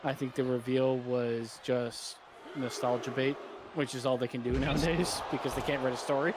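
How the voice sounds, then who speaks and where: A man in the middle of relaxed gaming banter, opinionated and quick to laugh, swearing as he talks. His voice sits at an ordinary middle pitch, and clear background noise runs under everything he says. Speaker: co-host, gamer. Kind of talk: casual banter over gameplay.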